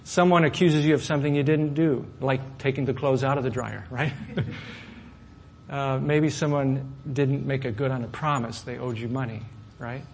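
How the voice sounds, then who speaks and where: A middle-aged male pastor telling a personal story in a sermon, swinging from loud, animated outbursts to soft asides. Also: mid-range voice, moderate pace, gravelly, a little hiss or hum. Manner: animated storyteller, rising loud when acting out anger, dropping soft for asides.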